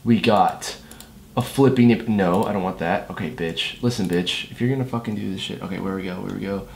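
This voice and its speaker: A man making a beat against the clock in a comedic vlog, talking himself through it with loud, profane chatter and mock-dad jokes. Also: deep voice, fairly quick, gravelly. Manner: hyper, profane self-talk while working; jokey mock-dad banter. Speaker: music producer. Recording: echoey room with steady noise.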